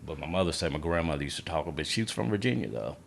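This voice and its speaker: Lively-voiced man with a Southern drawl. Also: rumbling low, creaky, slight background noise. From Alabama, USA. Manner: rambling, halting, quick to laugh. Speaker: podcast co-host. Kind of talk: casual chat.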